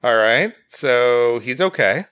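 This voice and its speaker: A man's voice: mid-range voice, slow, clean tone, no room sound, clean studio sound. A man in casual chat as a podcast co-host, joking and restarting his sentences. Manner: animated, joking, stammering restarts. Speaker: podcast co-host making the gamebook choices.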